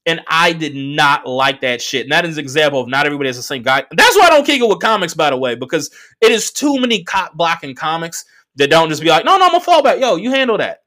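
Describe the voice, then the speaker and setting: Brief: male comedian-host, bright voice, lively swings in pitch, profane and rambling. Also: fast talker. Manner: profane, animated, lots of fillers. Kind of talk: casual storytelling monologue.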